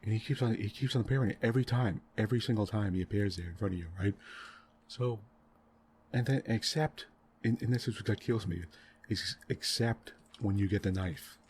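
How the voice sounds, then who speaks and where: A man in soft-spoken gaming commentary, rambling and exasperated as he rants about a game's story, full of "right?" and "you know" fillers. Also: lowish voice, normal speed, slight background noise. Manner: rambling, exasperated ranting about a game plot; frequent tag questions and fillers. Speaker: gaming channel host.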